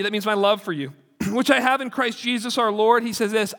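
A man's voice: high voice, a little fast, creaky, a bit bright. A man preaching a sermon as pastor, in an emphatic, urgent way. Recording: long hall reverb.

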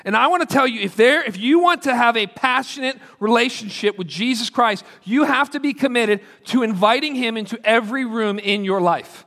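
High-voiced guy preaching to a room, bright and echoey, like a big hall. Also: moderate pace, few pauses. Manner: earnest, conversational preaching with acted quotes. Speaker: pastor. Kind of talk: sermon. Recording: long hall reverb.

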